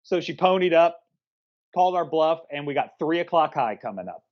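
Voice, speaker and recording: A man's voice: fairly high pitch, animated, a little fast, highs cut off. A man co-hosting a film review podcast, blunt and profane, chatting casually. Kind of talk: casual chat.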